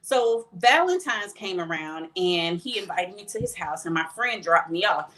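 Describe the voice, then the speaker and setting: A woman's voice: lowish voice, animated, normal speed, fairly bright tone. Candid woman telling her own story. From Texas, USA. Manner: candid, plain-spoken storytelling that acts out what others said. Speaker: podcast guest. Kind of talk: telling a personal story in a podcast interview.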